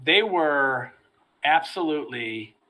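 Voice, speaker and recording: A middle-aged man, a former federal agent, telling stories from his career as a podcast guest, animated and repeating words as he starts his sentences. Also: a little high, slow pace. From United States. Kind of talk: storytelling in a podcast interview.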